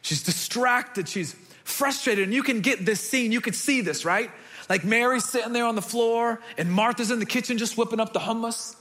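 A man preaching a sermon, telling stories with animated delivery and acting out the people he quotes. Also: extremely high pitch, moderate pace. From United States. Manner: animated storytelling, acts out quoted voices. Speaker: pastor.

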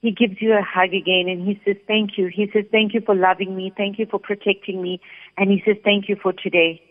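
A woman working as a psychic medium, calmly relaying messages during a radio reading. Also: mid-range voice, a little fast. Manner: calm, steady, relays messages in first person. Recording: phone-like sound with long reverb.

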